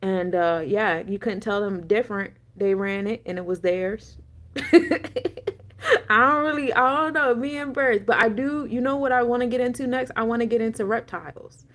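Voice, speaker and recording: A woman's voice: fairly high pitch, moderate pace, fairly bright tone. Chatty, profane woman on a livestream. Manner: rambling, profane, laughing asides, answers chat. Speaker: energy coach and spiritual reader. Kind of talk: casual livestream chat.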